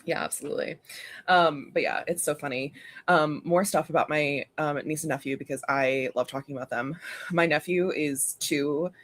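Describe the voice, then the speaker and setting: A woman chatting casually as co-host, telling animated stories and laughing often. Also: sits low, normal speed. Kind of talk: casual chat.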